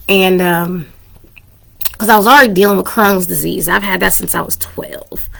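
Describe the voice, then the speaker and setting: A woman in her thirties talks straight to her listeners in an earnest, heartfelt way. Her voice sits at a middle pitch and turns emotional and teary in places, with bits of laughter mixed in. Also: animated, moderate pace, creaky. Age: 30s. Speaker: podcast host. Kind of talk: casual personal talk to listeners.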